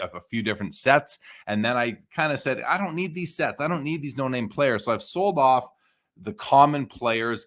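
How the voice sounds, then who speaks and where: A man's voice: on the low side, a bit bright. A man hosting a podcast, chatting casually and enthusiastically about card listings. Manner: chatty, enthusiastic, with frequent restarts. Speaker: podcast host. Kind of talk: casual chat reviewing listings.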